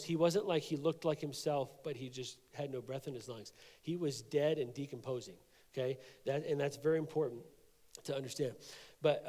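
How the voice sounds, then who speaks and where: A man's voice: a little high, darkish tone, in a large hall. A man preaching a sermon, reading scripture aloud and commenting on it in a casual, conversational way. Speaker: pastor.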